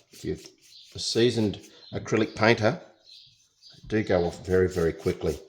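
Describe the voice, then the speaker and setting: A man's voice: deep voice, a little mellow, a little hiss or hum. A young Australian man chatting casually through a painting demonstration, joking as he works. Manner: chatty, jokey, talks while working. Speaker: painting tutor.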